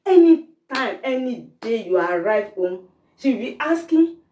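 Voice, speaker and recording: A woman's voice: mid-range voice, a little slow, slight background noise. A middle-aged woman from Nigeria with a Nigerian English accent, a native Yoruba speaker, telling family stories animatedly and acting out the voices. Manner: animated storytelling, acts out voices, laughs while telling. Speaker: storyteller guest, the host's mother. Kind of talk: candid family conversation. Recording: roomy, distant mic.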